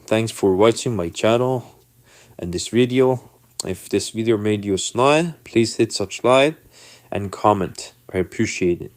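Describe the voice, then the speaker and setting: Deep-voiced man telling a story. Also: a little slow, dry recording. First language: not English. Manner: animated, acts out the people in his story. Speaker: vlogger telling a personal story. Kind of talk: casual storytelling to camera.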